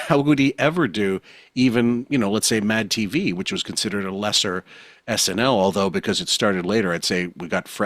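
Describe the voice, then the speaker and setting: A man's voice: sits low, fairly bright tone, no room sound, studio quality. A man hosting a podcast, talking in a wry, opinionated way and laughing often as he comments. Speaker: podcast host.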